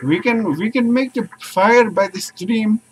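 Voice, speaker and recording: Guy with a high voice goofing around on a family vlog, repeats words sing-song, outside by a creek. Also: measured pace, breathy edge, rough recording. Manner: playful, sing-song repetition. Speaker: family vlogger. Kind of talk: casual vlog chat. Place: outdoors by a forest stream.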